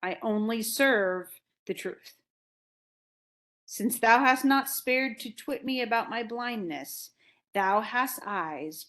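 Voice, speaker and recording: A woman voicing a stern, solemn old blind male prophet, reading archaic lines slowly and deliberately. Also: medium pitch, fairly bright tone.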